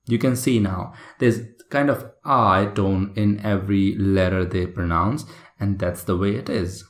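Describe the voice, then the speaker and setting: Male tutor, low voice with some fry, patient explainer. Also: a little slow. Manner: explanatory, checks in with listeners. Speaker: English test tutor. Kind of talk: recorded video lesson.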